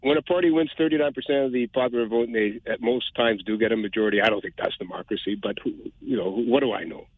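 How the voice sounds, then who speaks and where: Male phone-in caller, rapid, rambling opinions, thin phone-line sound. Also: mid-range voice, slightly rough, no room sound. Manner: rambling, opinionated, stumbling restarts. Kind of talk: phone-in rant.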